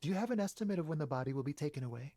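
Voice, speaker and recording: Brief: nervous young witness, guarded, slightly husky, dry close sound. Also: male voice, on the high side, lively intonation, rapid-fire, no echo. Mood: evasive. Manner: evasive, hushed, guarded. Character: nervous young male balcony smoker. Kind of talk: game voice acting.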